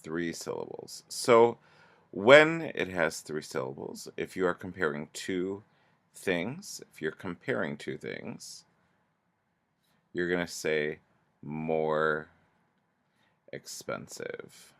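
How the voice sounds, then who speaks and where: A man with a very low, gravelly voice walks through a grammar lesson. He talks slowly and patiently, pausing often and restarting his sentences as he explains each example. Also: sing-song, fairly bright tone. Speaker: teacher.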